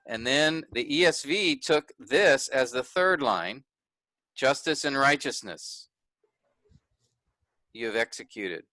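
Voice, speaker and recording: A man's voice: mid-range voice, expressive, slow pace, long pauses, pushed and bright, no echo. A man teaching a workshop, explaining marks on a shared screen step by step and correcting himself as he goes. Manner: pointing things out step by step, self-correcting.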